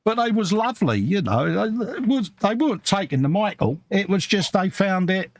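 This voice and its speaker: A man's voice: sits high, normal speed, dry recording. A middle-aged man with a Cockney accent, chatting casually on a live stream and reading out viewer comments. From East End of London. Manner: chatty, lively storyteller.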